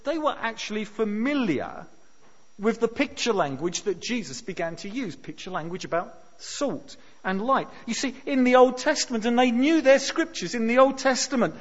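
High-voiced guy preaching, leans hard on key words, dull sound, big church echo. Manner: emphatic, rises to near shouts on key words. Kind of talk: sermon. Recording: dull sound with long hall reverb.

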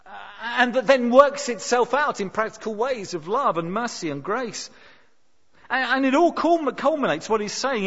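A man preaching a sermon, emphatic and expressive, dropping his voice low for dramatic lines. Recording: dull sound with long hall reverb.

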